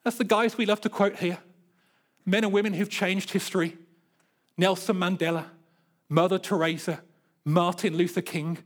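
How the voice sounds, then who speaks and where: Male pastor, middle-aged, fairly high voice; earnest sermon delivery with lively storytelling. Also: normal speed, pauses often. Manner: earnest, building emphasis, playful storytelling.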